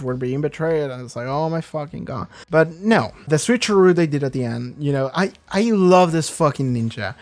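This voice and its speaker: A man hosting a reaction channel, rambling casually about a TV episode with frequent swearing and animated asides. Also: on the high side. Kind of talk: casual commentary.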